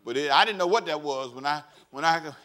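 A male pastor, fairly high in pitch and fairly quick, preaches with folksy animation. He leads call-and-response with his flock and laughs at his own stories.

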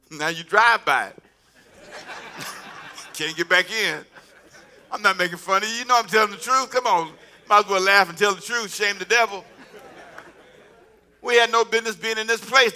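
A man preaching a sermon as pastor, joking with the congregation and breaking into laughter. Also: sits high. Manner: humorous, animated preaching with laughter.

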